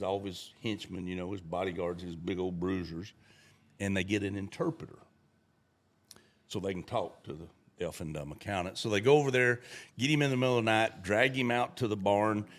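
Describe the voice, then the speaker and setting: A middle-aged man telling stories in a folksy, casual way, acting out the voices of the people in them. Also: on the low side. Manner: acts out voices in his stories. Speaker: guest storyteller. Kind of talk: casual storytelling.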